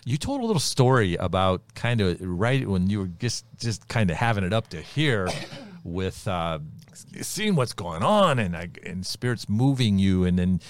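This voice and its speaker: Very deep-voiced older male host. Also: very animated, normal speed. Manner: folksy and affirming, many fillers. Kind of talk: interview talk.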